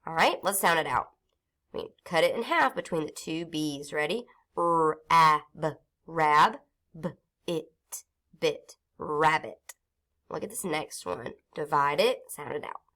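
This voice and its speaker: A reading teacher with a somewhat low voice guides young children through a phonics lesson. She sounds out each syllable slowly and clearly. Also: animated, a bit bright.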